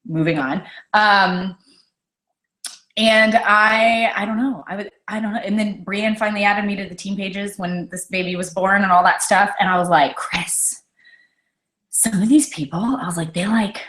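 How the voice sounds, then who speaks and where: A woman's voice: medium pitch, a bit bright, reverberant. A young woman leading a motivational team call, intense and passionate, often checking in with "okay?". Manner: intense, fired-up, repeats "okay?". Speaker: team leader.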